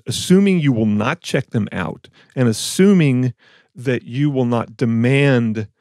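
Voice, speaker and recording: A man co-hosts an audio podcast in casual chat, skeptically picking apart claims and rambling with restarts, as an audio reviewer. His voice is medium-pitched with a darkish tone, recorded dry with studio quality.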